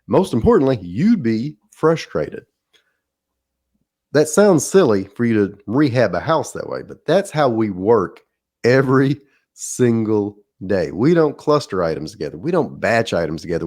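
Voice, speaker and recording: A man's voice: fairly low pitch, darkish tone. A middle-aged man with a Southern drawl, hosting a podcast and telling a rambling, folksy story in a casual monologue. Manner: folksy, rambling, laughs at his own stories. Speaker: podcast host.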